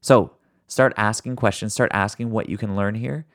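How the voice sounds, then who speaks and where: Host, male, low gravelly voice, earnest motivational coach speaking straight to the audience. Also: fairly even intonation. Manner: earnest, encouraging, addresses listeners directly; fast talker who deliberately slows down at times. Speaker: podcast host. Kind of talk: motivational solo podcast talk.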